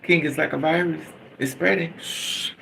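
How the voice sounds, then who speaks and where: A man's voice: on the high side, fairly even intonation, moderate pace, creaky, sharp tone, slight background noise, low-quality recording. A man vlogging in a candid emotional monologue, blunt and profane, venting with bitter humor.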